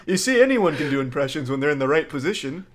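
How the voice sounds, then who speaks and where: Teasing man, slightly high voice. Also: sing-song, fast talker. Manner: dry, teasing. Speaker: host reacting to clips. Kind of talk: casual banter.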